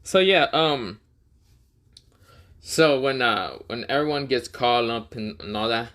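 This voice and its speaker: A man's voice: medium pitch, animated, a little slow, fairly bright tone. Man rambling through a fan story. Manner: rambling, laughing, swearing, filler-heavy. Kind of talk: casual fan-fiction storytelling.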